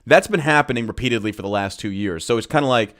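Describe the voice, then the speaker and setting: A man's voice: medium pitch, expressive, quick pace, a bit bright. A man hosting a podcast and commenting on a live event as he watches, swearing often and reacting with disbelief and mockery. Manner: profane, incredulous, mocking.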